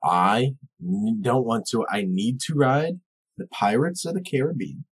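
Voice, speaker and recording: A man's voice: mid-range voice, animated, a little slow, slightly rough. A young man co-hosting a casual podcast, tossing in playful wisecracks. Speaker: podcast co-host. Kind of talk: casual chat.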